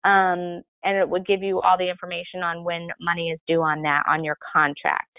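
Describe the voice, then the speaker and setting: A woman's voice: lowish voice, flat delivery, normal speed, no room sound. Helpful woman presenter on a tinny line. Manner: clear, helpful, explanatory. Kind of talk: webinar Q&A explanation. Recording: tinny phone-line sound, dry.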